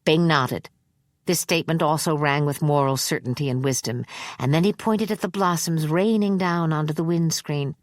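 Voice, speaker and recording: This audiobook narrator, a woman with a low voice, delivers a horror story in steady, measured scripted narration. The studio recording is clean, with no echo.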